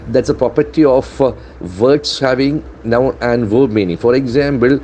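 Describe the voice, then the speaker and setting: A male trainer walks learners through newspaper headlines. His voice sits at an ordinary middle pitch, and he speaks deliberately, spelling words letter by letter and repeating them for pronunciation. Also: a little mellow, a little hiss or hum. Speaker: English language trainer. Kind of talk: newspaper-based English lesson.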